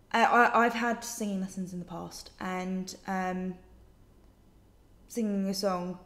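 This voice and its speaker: A British woman answers questions on her vlog in a chatty, exasperated way, with a dry sarcastic edge. Her voice sits at an ordinary middle pitch. It rings noticeably off the walls of an echoey room. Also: a little mellow. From Britain. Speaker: vlogger.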